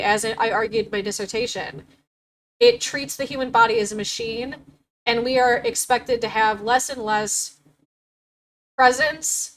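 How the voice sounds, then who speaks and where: A woman's voice: on the high side, fairly bright tone, poor audio. A young adult woman hosting a livestream, talking casually and animatedly, swearing and laughing often. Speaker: livestream host.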